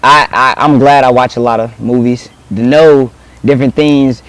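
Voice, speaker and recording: A man's voice: medium pitch, moderate pace, no echo, poor audio. A teenage American man telling stories in casual chat, acting out quotes with laughs. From United States. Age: teens. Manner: animated, acts out quotes with laughs. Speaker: guest artist. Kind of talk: casual storytelling.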